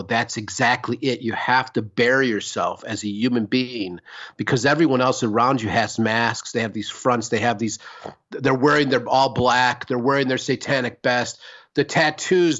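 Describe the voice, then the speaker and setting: A man in relaxed conversation on a podcast, speaking at an ordinary middle pitch. He rambles, restarts his sentences and swears casually for emphasis. The audio is somewhat dull and lo-fi. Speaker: podcast co-host. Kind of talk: casual chat.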